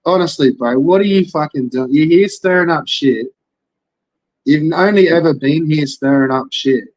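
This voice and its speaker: A man's voice: a little high, dry recording, rough recording. An Australian man, a young adult, ranting in casual commentary, swearing constantly and rambling through rhetorical questions. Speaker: commentary streamer.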